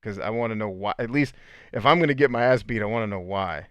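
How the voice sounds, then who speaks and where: Brief: male livestream host in his 30s, smooth resonant voice, dry close sound, loose joking delivery. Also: lowish voice, fast talker, no room sound. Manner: animated, joking, swears freely. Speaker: podcast host answering live chat. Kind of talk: casual livestream chat.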